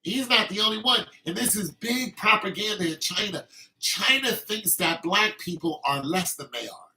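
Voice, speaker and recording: Male podcast host, fairly high and forceful, heated opinionated monologue. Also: lively intonation, moderate pace, rough recording. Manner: heated and emphatic, with frequent restarts.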